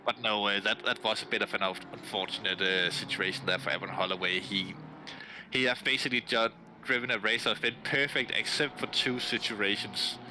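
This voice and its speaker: A man commentating a sim race, explaining racing lines in an analytical way, halting with fillers and restarts. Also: on the low side, fairly even intonation, background noise.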